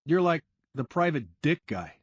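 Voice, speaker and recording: A man's voice: sits high, big pitch swings, brisk, no room sound, highs cut off, voice pushed up. A man voicing a defensive young man who snaps and swears. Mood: hostile. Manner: aggressive, swearing.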